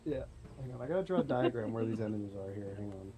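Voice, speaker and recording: A young man playing in a tabletop game, excitable and thinking out loud, swearing freely. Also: lowish voice, fast talker. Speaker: player. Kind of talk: casual game chat.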